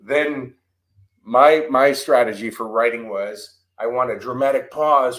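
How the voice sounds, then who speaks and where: A man on a podcast as a guest coach and author, telling lively stories and acting out the exchanges he quotes. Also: mid-range voice, moderate pace, rough recording. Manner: animated storyteller, acts out quoted exchanges. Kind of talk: storytelling podcast interview. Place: abroad in Australia, remote interview.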